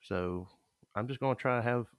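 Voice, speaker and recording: A man hosting a podcast, laid-back and calm in casual conversation. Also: medium pitch, moderate pace, dry recording, clean studio sound. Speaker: podcast host.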